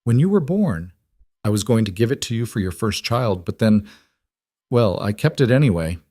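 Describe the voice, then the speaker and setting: A man's voice: fairly low pitch, very animated, moderate pace, darkish tone, no room sound, studio quality. A man voicing a remorseful middle-aged mother who speaks hesitantly, in a storybook reading.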